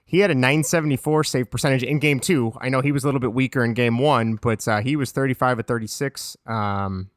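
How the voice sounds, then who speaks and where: A chatty man in his thirties talks hockey on a podcast and rattles off statistics between fillers and restarts. His voice sits in a middle pitch. The sound is dry and close. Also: a little fast, few pauses, no echo. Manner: chatty, full of fillers and restarts, reciting stats. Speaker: podcast co-host. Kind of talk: casual sports chat.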